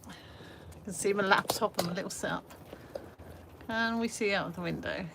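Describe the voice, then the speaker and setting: A woman's voice: medium pitch, moderate pace, gravelly. A woman hosting an art live stream from a small shed studio, chatting casually and laughing at herself. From England. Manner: chatty, self-deprecating, rambling with fillers. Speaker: art livestream host. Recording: faint background noise.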